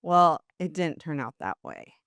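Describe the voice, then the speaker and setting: An older woman, a podcast guest, chatting casually and telling animated stories, acting out other people's voices and laughing often. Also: low voice, measured pace, gravelly, no echo, clean studio sound. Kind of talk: casual interview talk.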